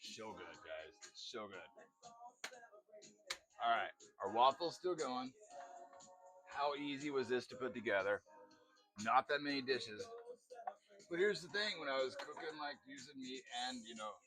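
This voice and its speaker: A man's voice: mid-range voice, expressive, a little slow, pauses often, music in the background. A man chatting casually while cooking in a home video, rambling with lots of fillers and asides. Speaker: home cook vlogger. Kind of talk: casual cooking vlog chat.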